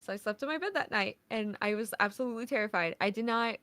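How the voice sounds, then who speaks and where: A woman's voice: medium pitch, steady tone, fast talker, a bit bright, no room sound. A woman, a podcast guest, telling a casual story in a rambling way, full of "like" fillers and swearing.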